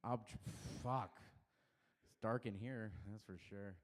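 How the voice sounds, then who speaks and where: A man's voice: on the low side, fairly even intonation, a little slow. Rambling, crude stand-up comic man. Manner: loose, rambling, crude delivery with frequent self-laughter. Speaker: stand-up comedian. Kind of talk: stand-up comedy set. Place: dark comedy club stage.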